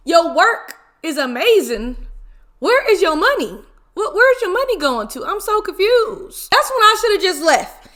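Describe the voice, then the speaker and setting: A woman in her twenties telling a story casually while eating, animated and full of slang and exclamations. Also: high-pitched, a little slow. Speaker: mukbang vlogger.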